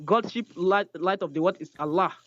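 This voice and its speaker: A man calling into a live debate, halting and repeatedly asking for a turn to speak. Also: high voice, fairly bright tone, muffled recording. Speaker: caller.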